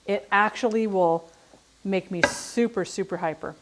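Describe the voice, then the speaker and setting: With background noise around her, a middle-aged cooking livestreamer chats casually as she cooks, rambling and self-deprecating. Her mid-range voice stays steady at a moderate pace.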